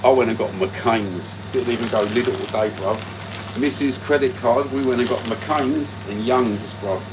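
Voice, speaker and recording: A man's voice: medium pitch, a little slow, background noise. A man, hosting a casual livestream from home with crude, sweary banter into his phone. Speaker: livestream host.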